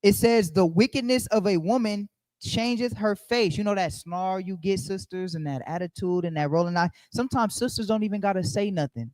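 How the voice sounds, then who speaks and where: A man's voice: high voice, a little fast, darkish tone, no echo. A man leading a Bible study, preaching conversationally and emphatically, repeating his key phrases as he speaks straight to the group.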